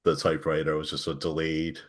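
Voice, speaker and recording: A man's voice: rumbling low, completely flat delivery, fast. A man talking casually in a book club discussion, hesitant and full of restarts. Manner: hesitant, many fillers and restarts, laughs.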